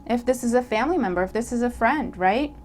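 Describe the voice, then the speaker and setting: Animated woman giving a tarot reading. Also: fairly high pitch, fast talker, slight background noise. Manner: animated, acts out imagined dialogue; checks in with listener, repeats herself. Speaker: tarot reader. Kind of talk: casual tarot reading to camera.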